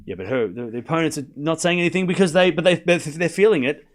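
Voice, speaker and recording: A young Australian man hosts a casual live tennis watchalong, talking fast in a slightly high voice with faint music in the background. He rambles and chats, calling out scores between his asides in this laid-back live-stream commentary.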